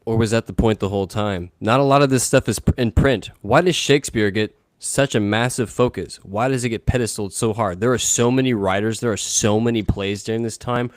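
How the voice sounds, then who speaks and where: A man's voice: fairly low pitch, brisk, few pauses, dry recording, studio quality. A man in casual podcast chat, talking enthusiastically and firing off questions.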